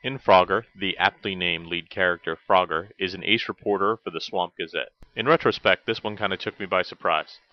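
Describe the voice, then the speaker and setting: A man's voice: sits low, fairly even intonation, fairly quick, hardly any pauses, dull audio, faint music behind. A man narrating a scripted retro cartoon review as host, with dry joking asides.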